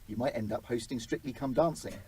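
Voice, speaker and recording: A man's voice: a little fast, noisy background. A man hosting a comedy quiz show in a dry, wry way. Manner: dry, wry, with lively pitch.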